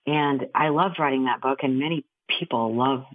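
A woman guest, an author, recounts stories with lively energy and quick laughter. Her voice comes through a narrow, phone-like line. The sound is dry, with no room echo. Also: a bass voice. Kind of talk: casual interview chat.

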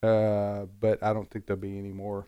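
A man giving political commentary in casual panel talk, halting and repeating words as he starts his points. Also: fairly low pitch, completely flat delivery, mellow, clean tone, lo-fi sound.

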